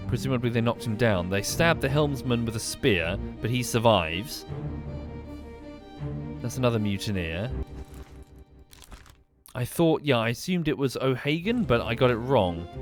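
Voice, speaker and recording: A man's voice: medium pitch, lively intonation, measured pace, long pauses, music in the background. A man streaming a game, thinking aloud and questioning the characters on screen. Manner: musing aloud, talking to characters. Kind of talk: live game commentary.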